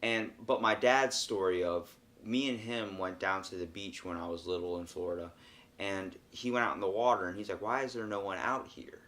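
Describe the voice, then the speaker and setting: A young man hosting a casual podcast conversation, his voice sitting on the low side. He tells stories with animation and acts out the people in them, jumping between quoted voices. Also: moderate pace, a bit bright. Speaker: podcast host. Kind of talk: casual chat.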